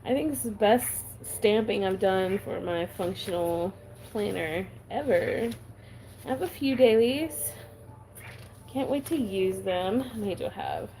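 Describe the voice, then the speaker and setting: A woman's voice: mid-range voice, unhurried, dark tone, low-quality recording. Chatty woman planner vlogger, giggly valley girl lilt, faint hiss behind. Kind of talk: casual chat while stamping.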